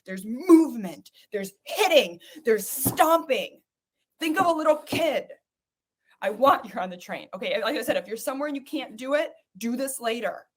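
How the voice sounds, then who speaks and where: A woman's voice: sits high, a bit bright. A woman hosting a podcast, leading listeners through a guided exercise with urgent, coaxing, repeated commands. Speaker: podcast host guiding listeners.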